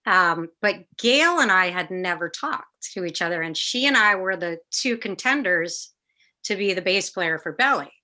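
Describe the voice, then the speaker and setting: A middle-aged woman talks as a guest on a video call, with a bright, forceful tone. She tells her stories with energy, mimics the people in them and drops the odd curse in casual chat. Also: fairly low pitch, moderate pace. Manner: animated, acts out quoted voices, swears casually. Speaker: guest musician. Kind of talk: casual interview storytelling.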